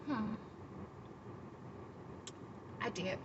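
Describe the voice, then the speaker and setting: A woman vlogger telling a personal story to her viewers, animated and laughing, then reflective. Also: slow, long pauses, a little hiss or hum, poor audio. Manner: animated, laughing, high-pitched exclamations; reflective, talking to the audience. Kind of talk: casual storytelling to camera.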